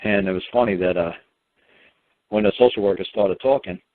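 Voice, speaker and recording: A man's voice: fairly low pitch, brisk, dry recording. A man telling a personal story as a caller on a talk show, rambling and profane, with lots of fillers and restarts. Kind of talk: casual spoken storytelling. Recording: tinny phone line.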